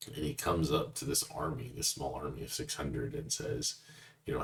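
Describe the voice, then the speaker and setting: A man's voice: rumbling low, fairly even intonation, normal speed, vocal fry. A man giving blunt, conversational verse-by-verse Bible commentary as a teacher. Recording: distant mic with faint noise.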